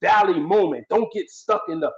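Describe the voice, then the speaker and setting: A man's voice: high-pitched, moderate pace. A man giving a fervent motivational speech with preacher-like emphasis and repetition. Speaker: guest speaker. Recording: dull lo-fi sound.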